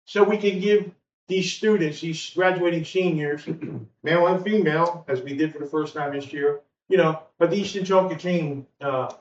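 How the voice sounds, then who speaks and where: Male podcast co-host, relaxed conversational delivery, roomy distant sound with faint hiss. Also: on the high side, normal speed. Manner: easygoing, loose chat that drifts into plugging a local charity game. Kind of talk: casual chat. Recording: roomy, distant, muffled home recording with faint background noise.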